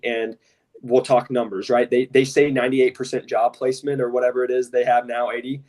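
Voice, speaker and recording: A man's voice: medium pitch, flat delivery, a little fast, darkish tone, recorded from a distance. A man co-hosting a podcast in casual talk, blunt and impassioned, often saying "literally" and "straight up". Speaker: podcast co-host.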